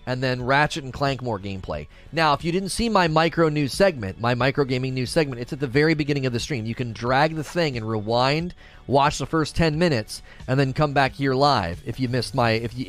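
A middle-aged man hosting a gaming news livestream, chatting casually and talking straight to his viewers. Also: mid-range voice. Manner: animated, chatty, addresses viewers directly.

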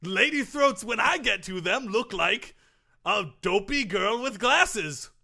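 A man's voice: high-pitched, expressive, takes it slowly, gravelly, sharp tone, husky, full character voice. A man playing a smug, eccentric male tennis grunt coach in an improvised comedy sketch, talking in a pompous, theatrical way. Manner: pompous, theatrical, over-the-top. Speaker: comedy podcast sketch performer.

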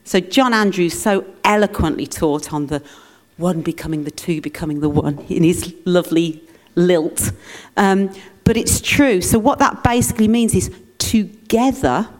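A woman's voice: lowish voice, a little slow. A woman preaching a conversational sermon in church, teaching with humour and playful asides.

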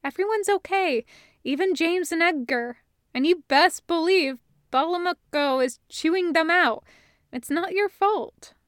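A woman voicing an eager, cheerful young male fighter in a high, bright lilt. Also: measured pace, no echo, studio quality. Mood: reassuring.

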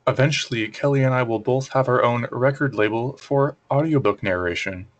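A young man co-hosting a podcast in casual chat, relaxed and self-deprecating. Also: mid-range voice, fairly quick, muffled recording, a little hiss or hum. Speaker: podcast co-host.

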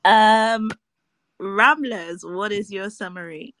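A woman's voice: mid-range voice, fairly bright tone, dry recording. A woman hosting a casual film-review panel, laughing often and teasing her guests. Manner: laughs a lot, teasing and quick. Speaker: podcast host.

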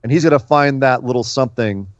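A man's voice: mid-range voice, quick pace, dry recording, lo-fi sound. A man co-hosting a casual wrestling talk show, chatty and prone to repeating words as he starts a thought. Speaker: podcast co-host.

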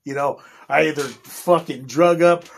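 A man's voice: a little high, a little slow, gravelly. A man in his forties, a union electrician, telling a rambling work story in casual chat, swearing constantly.

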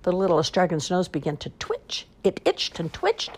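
Husky-voiced woman reading bedtime stories. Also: fairly low pitch, moderate pace, few pauses. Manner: expressive, sing-song storytelling. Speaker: storyteller. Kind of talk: reading children's picture books aloud.

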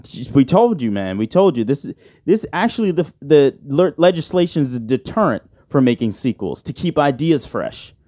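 A man's voice: mid-range voice, very animated, moderate pace, warm tone, dry recording. A man hosting his own podcast alone, rambling and joking with plenty of swearing, talking into a studio microphone. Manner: rambling, profane and joking, with frequent "bro". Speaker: podcast host. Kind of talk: casual solo podcast chat. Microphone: side-address studio microphone.

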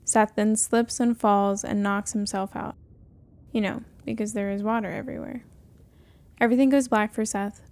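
A woman narrating an improvised comedy story in a deadpan way on a podcast. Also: medium pitch, normal speed.

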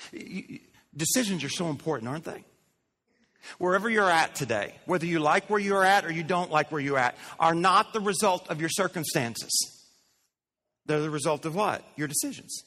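A pastor delivers an emphatic sermon in a high, bright voice, asking the crowd questions and repeating lines for effect. His voice rings with the long reverb of a church sanctuary. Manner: emphatic, repeats phrases and asks the congregation questions.

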